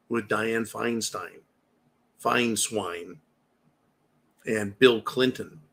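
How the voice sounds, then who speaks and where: This prepper channel host, a man in his fifties, has a slightly bright, mid-range voice. Talking straight to the camera, he launches into a fired-up, opinionated rant and doesn't hold back on profanity.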